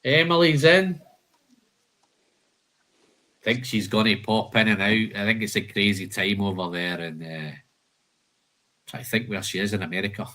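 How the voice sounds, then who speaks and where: A man's voice: lowish voice, moderate pace, long pauses, a bit bright. A man hosting a live whisky tasting, listing flavour notes and chatting casually, calling people "man" and "mate".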